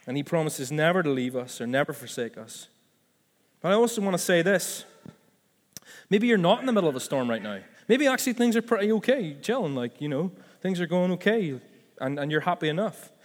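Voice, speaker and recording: Guy preaching, kinda high voice, rambly asides, big echoey hall. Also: animated, brisk. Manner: conversational, with asides and self-corrections. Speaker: pastor. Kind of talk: sermon.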